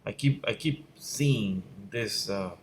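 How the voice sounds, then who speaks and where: This middle-aged man from Venezuela, a visual effects instructor, speaks slowly in a fairly low voice while fielding viewer questions bluntly and candidly, growing emphatic. He's in a room at home at night beside a window, with slight hiss or hum. His fixed microphone loses him when he turns aside.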